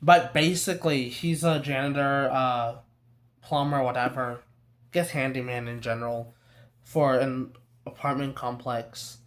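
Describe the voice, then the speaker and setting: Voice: mid-range voice, steady tone, unhurried. Young reviewer venting about a film: mid-range voice, loose and profane, keeps restarting sentences. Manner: profane, exasperated, rambling with restarts. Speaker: movie reviewer. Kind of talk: casual ranting film review.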